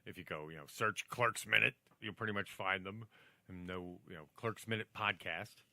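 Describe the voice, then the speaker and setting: A man's voice: sits low, normal speed, pushed and bright, no room sound. A man hosting a podcast in casual banter, joking and rambling with playful asides. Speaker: podcast host.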